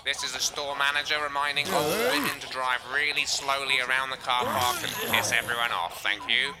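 A man voicing a male store manager making a flat announcement. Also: mid-range voice, fairly quick, heavy background noise, voice pushed up, lightly acted. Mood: announcing.

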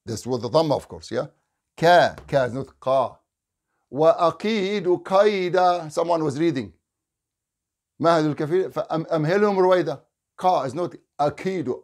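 A man teaching Quran recitation in a live online lesson, drilling letter sounds in short repeated syllables and correcting them, with Quranic phrases recited in chant. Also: medium pitch.

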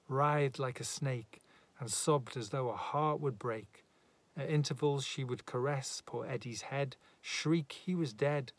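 A man reads a narrative poem aloud at an unhurried pace. His voice sits at a medium pitch, and he gives each line a measured, dramatic weight. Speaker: reader.

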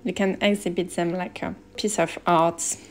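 A woman with a lowish voice talks at a normal pace while narrating a shopping vlog through Paris shops and up on a rooftop. As a personal shopper and stylist, she sounds relaxed, chatty and enthusiastic about the pieces.

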